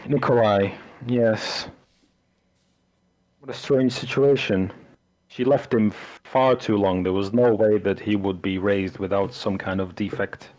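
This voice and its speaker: Casting: a man playing an eccentric, creepy abbot in a tabletop game, low and offhand. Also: fairly even intonation, a little slow, darkish tone, lightly acted, poor audio. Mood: dismissive. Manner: hesitant, aloof, then eerily eager. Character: eccentric, unsettling male abbot.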